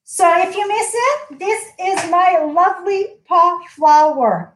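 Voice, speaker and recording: A woman's voice: very high-pitched, animated, slow pace, hardly any pauses, a bit bright, slight background noise. A woman hosting a live-streamed stamping craft chat. She talks in a gushing, chatty way with loose phrasing. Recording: echoey room.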